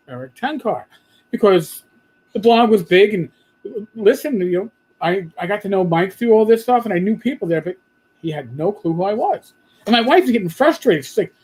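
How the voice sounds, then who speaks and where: Husky man telling a story. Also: sits high, a little fast, rough recording. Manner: storytelling, quoting others in animated bits. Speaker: podcast host. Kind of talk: casual livestream chat.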